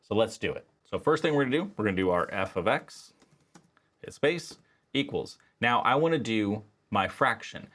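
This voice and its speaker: A man's voice: fairly low pitch, expressive, normal speed, fairly bright tone. A man teaching statistics, casually walking through an equation editor step by step, with frequent fillers. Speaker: statistics instructor. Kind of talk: screen-recorded software tutorial.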